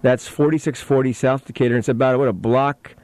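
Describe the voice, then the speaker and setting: A man's voice: medium pitch, fairly even intonation, brisk, darkish tone, no room sound. A man hosting a radio interview, joking and teasing his guest, sometimes talking while eating. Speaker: radio host. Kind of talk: casual radio interview chat.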